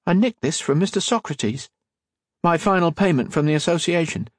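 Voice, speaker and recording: A man voicing a bold, sharp-tongued young woman, talking in a quick, scolding, teasing way. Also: on the high side, lively intonation, no echo, clean studio sound, voice pushed up. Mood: playful.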